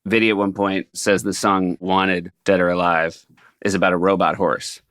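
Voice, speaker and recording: Brief: male podcast host, low voice, dry close mic, casual recapping. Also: flat delivery, normal speed, fairly bright tone, no echo. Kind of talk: casual chat.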